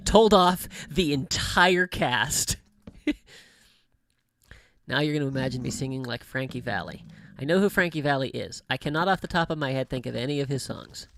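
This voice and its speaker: A man's voice: medium pitch, animated, brisk, creaky, long pauses, a bit bright, a little hiss or hum. A middle-aged man chatting on a livestream, telling stories with laughs and many restarts. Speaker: streamer. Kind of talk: casual livestream chat.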